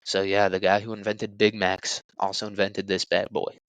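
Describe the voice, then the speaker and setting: Lower-pitched young man rambling casually. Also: level tone, moderate pace, a bit bright, smooth, no room sound, rough recording. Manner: crude, joking, rambling with fillers. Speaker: podcast host. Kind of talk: casual solo podcast talk.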